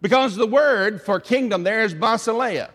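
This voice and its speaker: A man's voice: sits high, normal speed, a bit bright, long reverb tail. A man with a Tennessee Southern accent preaching a sermon in an earnest, conversational way, often putting questions to his listeners.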